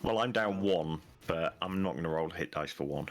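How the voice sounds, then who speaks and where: A man's voice: sits low, moderate pace, soft background music. A man playing a tabletop game, thinking aloud in a hesitant, casual way. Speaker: player.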